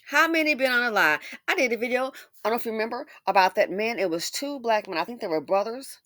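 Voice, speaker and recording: A woman host giving impassioned social commentary, swinging between loud emphasis and hushed asides. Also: fairly high pitch, expressive, quick pace, no room sound, clean studio sound.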